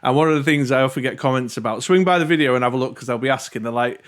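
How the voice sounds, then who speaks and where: A man's voice: mid-range voice, racing. A man with a northern English accent, hosting an interview in a chatty, self-deprecating way that drifts into tangents. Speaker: interview host. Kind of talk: casual interview chat.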